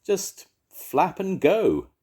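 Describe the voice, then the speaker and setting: A man's voice: high-pitched, huge pitch swings, a little mellow, slightly rough, pitched above the performer's own voice, heavily acted. An older man voicing a show-off female owl who hoots and draws her words out. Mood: boastful. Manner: drawn-out, hooting delivery.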